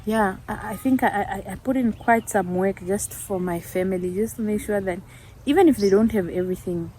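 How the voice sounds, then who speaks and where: A woman's voice: medium pitch, moderate pace, warm tone, slight background noise. Earnest young woman chatting in a vlog. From Namibia. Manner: earnest and reflective, often laughing at herself. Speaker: YouTuber. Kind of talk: casual vlog chat.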